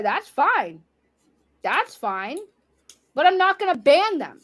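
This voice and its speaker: High-voiced woman on a heated stream rant. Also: big pitch swings, takes it slowly, a bit bright. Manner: heated, swearing, confrontational. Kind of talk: livestream rant.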